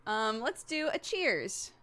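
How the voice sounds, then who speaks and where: A woman's voice: a little high, pushed and bright. A woman in her thirties hosting a live stream, chatting casually with viewers and laughing often as she tells stories about her toddler. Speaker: streamer host.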